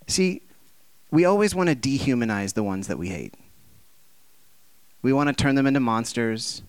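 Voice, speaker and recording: A man's voice: very animated, normal speed, pauses often, clean tone, no echo. A man preaching a sermon, impassioned and conversational, firing off rhetorical questions and acting out the voices he quotes. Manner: acts out quoted voices with big swings in pitch and volume.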